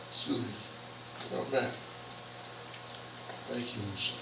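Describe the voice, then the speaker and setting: A man's voice: on the high side, bright, forceful tone, a little hiss or hum. A man preaching a sermon in a church, talking to the congregation and reading scripture aloud. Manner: conversational preaching with call-outs to the congregation; reads scripture aloud haltingly. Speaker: bishop preaching. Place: church hall. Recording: echoey church hall, mic from far off.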